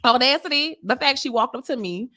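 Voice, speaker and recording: A woman, co-hosting a casual chat show and telling a blunt, animated story with frequent laughter. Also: high voice, a little fast. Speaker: podcast co-host.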